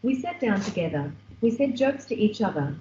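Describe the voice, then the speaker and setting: A synthetic woman's voice with an Australian accent reads a child's short story plainly and clearly. The sound comes through muffled and lo-fi, with an echoey ring. Steady noise hangs under the whole playback. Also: mid-range voice, moderate pace. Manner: simple, clear, natural-sounding. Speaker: text-to-speech reading voice. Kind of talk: reading a child's story aloud.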